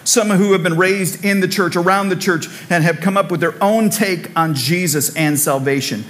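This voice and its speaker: A man's voice: high voice, moderate pace, fairly bright tone. A man preaching a sermon in a church, conversational and repetitive, with humorous asides. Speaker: pastor. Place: church sanctuary.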